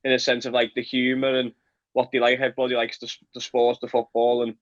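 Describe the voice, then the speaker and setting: A man's voice: mid-range voice, monotone, fast talker, dull audio. Chatty young man, Liverpool accent. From England, Liverpool. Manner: chatty, laughs often, repeats words. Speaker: football player. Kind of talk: casual interview chat.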